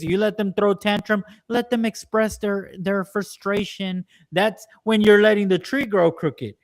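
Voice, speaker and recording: A man co-hosting a casual political podcast, ranting at length and mimicking people in quick quoted asides. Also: sits high. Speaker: podcast co-host.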